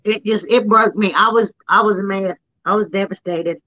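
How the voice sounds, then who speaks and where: A woman's voice: medium pitch, steady tone, normal speed, bright, forceful tone, muffled recording. A woman talking heartfelt and tearful in a casual chat. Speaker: guest YouTuber.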